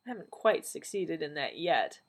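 A woman voicing the Doctor, a weary, dry-witted alien time traveller man, speaking gently in a lowish, husky voice. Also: big pitch swings, normal speed, full character voice.

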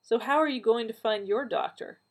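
A woman's voice: fairly high pitch, normal speed, voice pushed up, lightly acted. A woman doing a worried old grandfather. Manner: worried, pleading. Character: elderly British grandfather, anxious and caring.

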